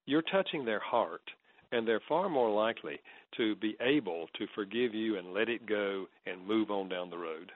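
A man counseling calmly as a radio talk guest, explaining in a relaxed way and quoting others in soft tones. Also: lowish voice, moderate pace. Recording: tinny phone line, dry.

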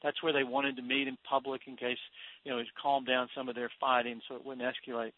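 A man's voice: mid-range voice, little pitch movement, fast talker, no echo. A man joins a radio interview as a guest financial expert and tells a story with earnest feeling. His voice comes through a tinny phone line. The sound is dry, with no room around it.

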